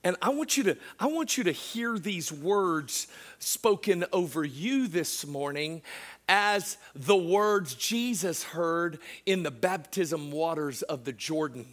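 A male pastor with a Southern US accent preaching a sermon, swinging from hushed asides to shouted declarations. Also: a little high, animated, slow. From Southern United States. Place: church.

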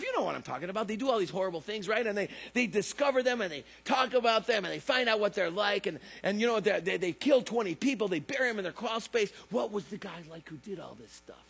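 A man preaching a lively, joking sermon who acts out voices in his stories. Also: sits high, creaky. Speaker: pastor. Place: church service.

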